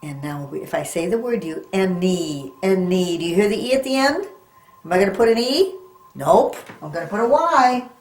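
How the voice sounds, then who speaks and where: A woman's voice: medium pitch, very animated, brisk, a little hiss or hum. A woman teaching a phonics lesson to young children, sounding words out letter by letter and coaxing them with questions. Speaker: reading teacher. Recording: echoey room.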